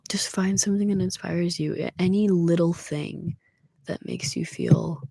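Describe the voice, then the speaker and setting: Young adult ASMR streamer: dark, husky, soft-spoken, whispery chat. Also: mid-range voice, sing-song, a little slow, dry recording. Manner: soft-spoken, drifting in and out of whispers, rambling and emotional. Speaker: ASMR livestreamer. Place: small room at home.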